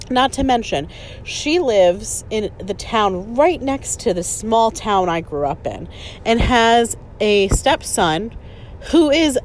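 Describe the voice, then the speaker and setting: A woman's voice: fairly high pitch, very animated, takes it slowly, a little hiss or hum. A woman in her thirties telling a story in casual chat, sarcastic and full of "like", swearing freely. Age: 30s. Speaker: podcast host.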